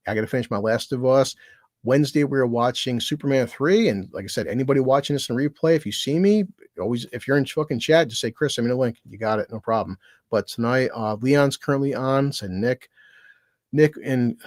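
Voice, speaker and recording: A man's voice: medium pitch, darkish tone, no room sound, studio quality. A man hosting his own livestream, talking in a loose, profane, rambling way and laughing often. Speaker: streamer. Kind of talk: casual livestream chat.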